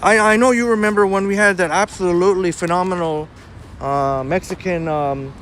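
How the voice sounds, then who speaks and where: A man's voice: high-pitched, steady tone, moderate pace, a bit bright, a little hiss or hum. A man hosting a casual live walking stream outdoors on a city street, chatting and greeting viewers by name. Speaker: livestream host reading viewer chat.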